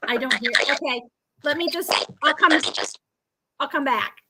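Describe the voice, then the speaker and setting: A woman hosting a live stream in casual chat, chatty and quick to laugh, talking over a video call. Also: high voice, heavy background noise. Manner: chatty, laughs often, filler-heavy.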